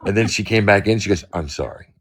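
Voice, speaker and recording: A man's voice: on the low side, fast. A middle-aged man hosting a live stream, telling stories in casual chat and acting out both sides of arguments. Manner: animated storyteller acting out arguments. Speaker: livestream host.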